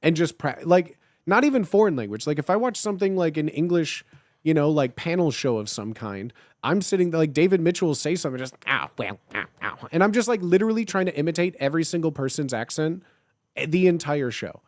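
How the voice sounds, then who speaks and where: Chicago-accented man, casual stream chat, rambling with lots of "like", voice sits on the higher side, dry close sound. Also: lively intonation, fast, darkish tone, no echo. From Illinois. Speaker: live streamer.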